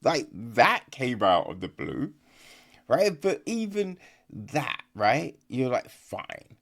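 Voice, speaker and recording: A man talks through a film review in a loose, rambling podcast chat, leaning on fillers and tossing in "right?" again and again. His pitch rises and falls with lively movement, and he takes his time, speaking at an unhurried pace. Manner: rambling, exasperated, lots of fillers and rhetorical "right?".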